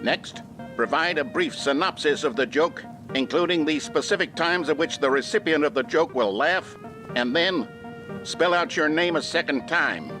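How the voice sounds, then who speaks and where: A man's voice: a little high, moderate pace, lightly acted. An actor playing an upbeat, earnest male announcer in an instructional film within a video game. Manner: upbeat, earnest, mock-educational. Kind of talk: scripted narration. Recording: narration over clear music.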